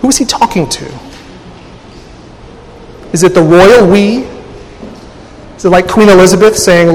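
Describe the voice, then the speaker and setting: Man, preacher, high voice, thoughtful delivery with restarts, sermon in a church with long reverb. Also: a little slow, pauses often. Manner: thoughtful, with frequent restarts and repeated words.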